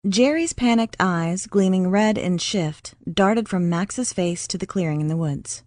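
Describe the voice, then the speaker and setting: Slow, dry-voiced woman narrator. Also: medium pitch, a little mellow, no echo. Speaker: audiobook narrator. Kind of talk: scripted narration.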